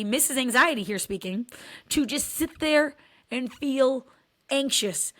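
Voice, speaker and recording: A woman's voice: on the high side, a bit bright. Candid, wry storytelling woman. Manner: candid and wry, with frequent swearing and a self-mocking tone. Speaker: dance mom vlogger. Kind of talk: comedic personal storytelling.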